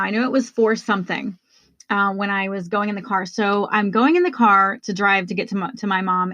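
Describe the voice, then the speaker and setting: A woman's voice: mid-range voice, fairly bright tone, dry recording, lo-fi sound. A woman hosting a podcast, telling a personal story in a candid, conversational way and speaking straight to her listeners. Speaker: podcast host.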